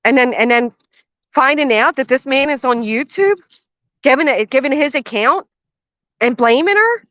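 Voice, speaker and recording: A woman's voice: sits high, lively intonation, moderate pace, long pauses, fairly bright tone, dry recording. An older woman hosting a reaction commentary channel, blunt, sarcastic and swearing freely, recorded outdoors by a garden fence. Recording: dull, dry lo-fi sound.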